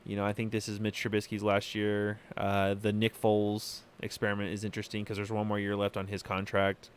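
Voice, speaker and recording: A man hosting a podcast from California, giving opinionated solo commentary in a halting way, full of fillers and restarts. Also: lowish voice, monotone, slight background noise. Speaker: podcast host.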